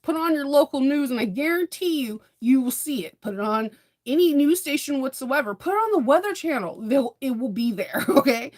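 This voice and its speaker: A woman's voice: high-pitched, expressive, a little fast, a little mellow. A woman, chatting casually to her viewers in a sewing vlog, laughing often and repeating words as she restarts. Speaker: sewing and bag-making vlogger.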